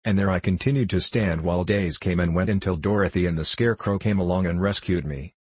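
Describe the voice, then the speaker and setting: A formal, earnest tin emperor, read by a man with a deep, husky voice. He talks in a measured, dutiful way, close and dry in a storybook audiobook. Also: a little mellow, no echo. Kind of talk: audiobook reading.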